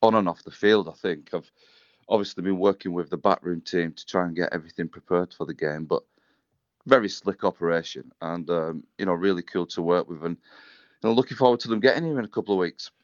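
A man's voice: deep voice, fast talker, dry recording, dull audio. A man with a northern English Wigan accent, a rugby league club chief chatting easily and matily as a guest on the radio from his office. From northern England. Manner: easygoing, matey banter. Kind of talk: casual radio chat on a call.

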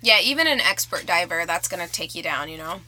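A woman's voice: fairly low pitch, animated, a little fast, sharp tone, low-quality recording. A woman co-hosting a podcast in casual chat. She has a dry, wry way of talking and swears freely. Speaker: podcast co-host.

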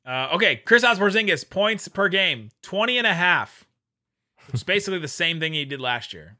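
A man co-hosting a podcast, talking sports bets in an excitable, joking way. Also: high-pitched. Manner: excitable, quick to joke and laugh. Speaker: podcast co-host. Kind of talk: casual sports chat.

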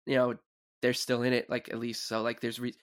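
A man's voice: mid-range voice, completely flat delivery, fairly quick, clear, resonant tone, dry recording, studio quality. A man chatting as a guest on a casual sports podcast, rambling and stumbling over repeated words.

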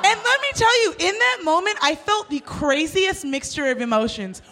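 High-voiced woman telling a wild story. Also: moderate pace. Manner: animated, swearing, acting out quoted voices. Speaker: podcast co-host. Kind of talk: storytelling comedy chat.

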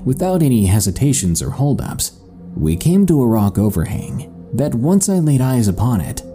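A man narrating a listener's horror story in a measured, suspenseful first-person read for a podcast. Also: fairly low pitch, mellow. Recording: faint music bed under voice.

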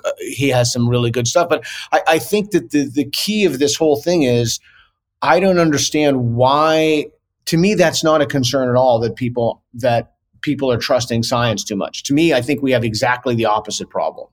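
A man's voice: medium pitch, normal speed. A man answering as a guest in a video interview, earnest and argumentative, often restarting his sentences.

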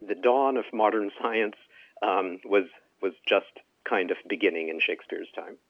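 A man's voice: lowish voice, moderate pace, dry recording. A man from Canada, a science journalist, answering an interview thoughtfully with some hesitations. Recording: tinny phone line.

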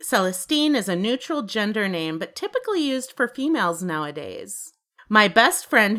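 A woman co-hosting a podcast, reading out a list of facts. Her voice sits at a middle pitch, and her delivery is plain and steady, with a laugh now and then. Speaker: podcast co-host. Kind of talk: casual podcast chat.

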